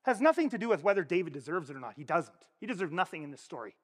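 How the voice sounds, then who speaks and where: A man preaching a sermon as pastor, animated and conversational, asking the congregation frequent rhetorical questions. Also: sits high, very fast. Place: church. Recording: long reverb of a church hall.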